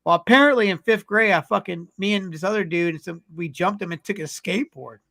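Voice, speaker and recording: A man's voice: sits high, fairly quick, vocal fry, pushed and bright. A man co-hosting a podcast, telling a rambling, profane story in casual chat. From California. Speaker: podcast co-host.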